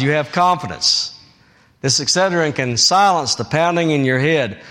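Pastor, male, slow deliberate sermon delivery, slightly high voice, emphatic with big swings in pitch and volume. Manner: emphatic, repetitive preaching with vivid analogies; wide swings from raised high emphasis to low quiet phrases.

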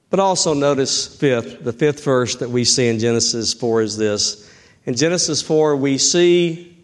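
A middle-aged man preaching a sermon, emphatic and rising in pitch on key points. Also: normal speed. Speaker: pastor.

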